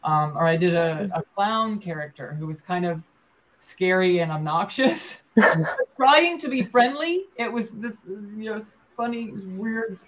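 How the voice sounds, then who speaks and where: A woman's voice: lowish voice, unhurried, a little hiss or hum. A woman puppeteer talking casually in an interview, full of fillers and restarts. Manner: chatty, with many fillers and restarts. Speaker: puppeteer guest.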